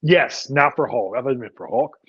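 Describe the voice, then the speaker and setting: A man's voice: medium pitch, fairly quick, a bit bright, slightly rough. A man co-hosting a casual podcast chat, mostly chiming in with short agreements. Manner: brief agreeing interjections. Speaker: podcast co-host. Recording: dull lo-fi mic.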